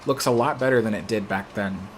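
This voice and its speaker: A young adult man hosting a casual live stream, telling stories in an animated, expressive way. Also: fairly low pitch, a little fast, slight background noise.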